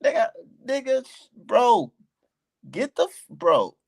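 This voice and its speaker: A man's voice: extremely high pitch, very animated, slow, gravelly, darkish tone. A male streamer giving profane, mocking reaction commentary and laughing often.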